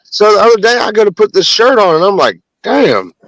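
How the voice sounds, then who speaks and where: Man, casual crude storyteller, lively swooping pitch, dry close sound. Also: fairly quick, gravelly, no room sound, poor audio. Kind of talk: casual chat.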